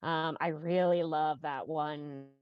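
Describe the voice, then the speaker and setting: A woman's voice: low voice, steady tone, slow, smooth, dry recording, dull audio. A woman co-hosting a music video reaction, talking casually and gushing with enthusiasm.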